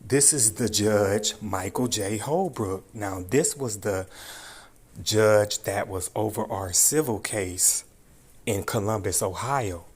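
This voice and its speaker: A man's voice: fairly low pitch, slow, husky. A man hosting a commentary video, ranting in a furious, profane and taunting way, repeating his threats over and over. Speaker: channel host.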